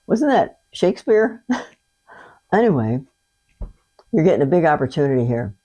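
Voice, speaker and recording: A woman's voice: deep voice, sing-song, moderate pace, long pauses, dark tone, breathy edge. An older woman giving a chatty tarot reading, talking straight to the viewer with folksy exclamations. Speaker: tarot reader. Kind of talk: casual tarot reading to camera.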